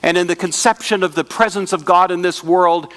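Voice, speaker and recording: A man giving a conference lecture to pastors, in a measured, teacherly manner, putting questions to his audience and slowing down and dropping his voice on key words. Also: high-pitched, fairly even intonation, fairly bright tone.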